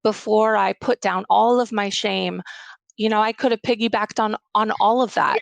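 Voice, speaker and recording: Candid gravelly-voiced woman on a panel. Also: medium pitch, unhurried, no echo. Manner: animated, candid storytelling with frequent restarts. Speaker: summit panelist, mother of three. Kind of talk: casual panel discussion.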